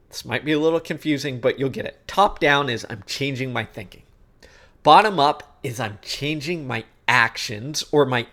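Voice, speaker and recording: Conversational man teaching, fairly high voice. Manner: conversational, checks in with frequent "okay?" and "guess what?"; acts out inner thoughts in quoted asides. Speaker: coach. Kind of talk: instructional talk on sports psychology.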